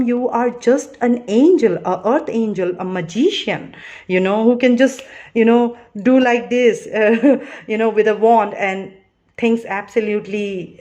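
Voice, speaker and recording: Her mellow, medium-pitched voice comes through a muffled recording as she gives a tarot card reading. Chatty and sincere, she reassures the listener, filling her talk with "you know" and "all right".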